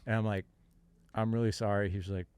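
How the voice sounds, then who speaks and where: A middle-aged man hosts a podcast with a lowish voice. He retells a story with animated, exasperated energy and acts out the voices of the people in it. The recording is dry and close. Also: fairly quick, clean tone, dry recording. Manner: lively, exasperated retelling with acted-out quotes. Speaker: podcast host. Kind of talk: animated storytelling in casual chat.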